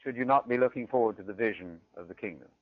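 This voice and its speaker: A man's voice: fairly low pitch, fast talker, no room sound. A man from Britain, giving a theology lecture and often checking in with the audience. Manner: animated, often checks in with "right?". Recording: dull, dry lo-fi recording.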